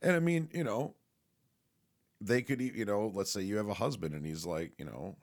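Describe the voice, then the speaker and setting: A man with a very low, deep voice talks in a loose, rambling monologue. He swears freely, leans on fillers and restarts, and laughs now and then as he goes. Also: lively intonation, moderate pace. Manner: laughs often while talking.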